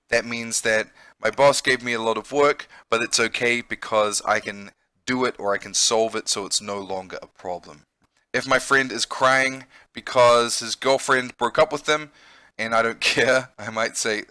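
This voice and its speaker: A man's voice: mid-range voice, measured pace, bright, forceful tone, smooth, no room sound. A man who works as an English teacher, giving a vocabulary lesson and explaining patiently, often checking in with "okay?".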